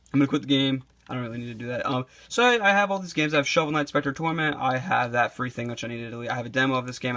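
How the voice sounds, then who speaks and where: A man's voice: mid-range voice, a bit bright. A young man giving a rambling, casual review with frequent swearing, saying he is losing his voice. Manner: rambling and casual, swears often, many fillers. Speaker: video reviewer.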